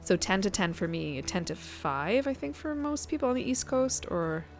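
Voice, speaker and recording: A woman's voice: medium pitch, sing-song, normal speed, faint music behind. A woman, chatting casually to her viewers while playing a game on a live stream and thinking aloud. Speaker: guest streamer.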